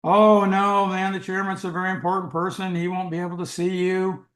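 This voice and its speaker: A man's voice: high-pitched, little pitch movement, fairly quick, fairly bright tone, echoey room. A man doing a brusque gatekeeper.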